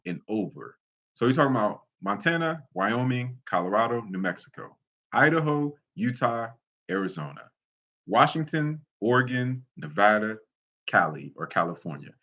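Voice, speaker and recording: A man's voice: mid-range voice, big pitch swings, moderate pace, bright, forceful tone, muffled recording. A man from Ohio, hosting his channel and explaining things casually, with loose talk, frequent "right?" tags and self-corrections. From Ohio, United States. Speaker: channel host. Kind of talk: casual explainer talking to camera.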